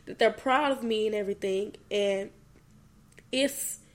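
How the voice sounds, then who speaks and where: A woman's voice: mid-range voice, measured pace. A young woman hosting a faith podcast, talking earnestly and tearfully to her listeners in a casual conversational way. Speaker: podcast host. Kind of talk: personal faith reflection.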